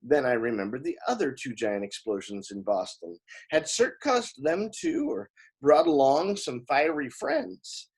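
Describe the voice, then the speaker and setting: Husky, lively male book reader. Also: medium pitch, unhurried. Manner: lively, expressive first-person narration with small slips and laughs. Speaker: audiobook reader. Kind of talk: reading a novel aloud.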